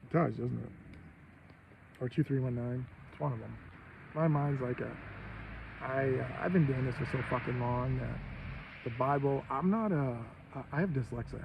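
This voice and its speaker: Host, man in his fifties, rough fry in the voice, faint vehicle hum behind. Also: mid-range voice, normal speed, muffled recording. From Maine, USA. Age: 50s. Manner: rambling, profane, loud bursts of emphasis. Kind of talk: casual monologue.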